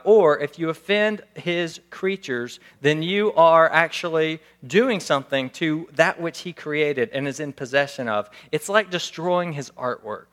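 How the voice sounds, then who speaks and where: A man's voice: a little high, a bit bright. A male pastor giving a conversational sermon, acting out little scenes as he preaches. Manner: conversational, acts out scenes with raised voice.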